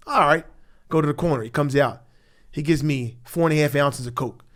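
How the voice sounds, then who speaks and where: A man's voice: a little high, a little fast, fairly bright tone. A man in his fifties with a Philadelphia accent, telling his story as a podcast guest in blunt, profane street talk, acting out past conversations. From South Philadelphia. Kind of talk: storytelling interview. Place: podcast studio.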